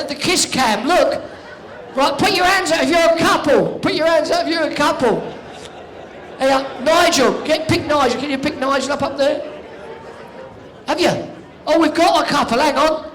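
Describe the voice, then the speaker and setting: High-voiced man joking with a crowd. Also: a bit bright. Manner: teasing, jokey, calls out to the audience. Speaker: arena compère. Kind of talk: cheeky crowd warm-up banter. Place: indoor sports arena.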